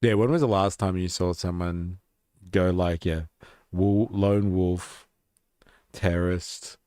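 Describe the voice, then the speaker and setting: A man's voice: deep voice, steady tone, takes it slowly, mellow, clear, resonant tone, no echo, studio quality. An Australian man hosting a live stream, chatting casually and reacting to clips with swearing and laughs.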